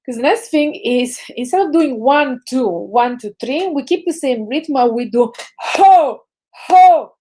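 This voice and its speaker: Italian-accented woman, laughter yoga teacher, mellow tone, slightly high voice, on a video call. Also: unhurried, few pauses. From Italy. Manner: energetic, instructive, chanting ho ho ha ha. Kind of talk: guided group exercise session.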